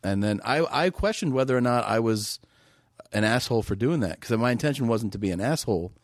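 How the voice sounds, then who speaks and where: A man's voice: mid-range voice, a little fast, dry recording, clean studio sound. A middle-aged man, a comedian guest, talking casually in a rambling way and often restarting his sentences. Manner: relaxed, rambling, frequent restarts and "like". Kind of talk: casual chat.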